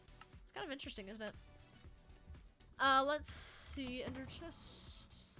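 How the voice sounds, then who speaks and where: Speaking at a measured pace in a high, bright, forceful voice, an eighteen-ish young woman livestreams a game over faint music. She rambles casually, swears freely, and keeps replying to her chat.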